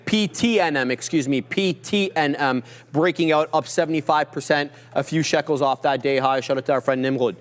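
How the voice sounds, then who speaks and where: A man's voice: on the high side, big-room sound. A man hosting a casual live trading stream, reading market headlines and bantering with co-hosts. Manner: brisk, reads headlines aloud, jokes with co-hosts. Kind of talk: casual market news chat.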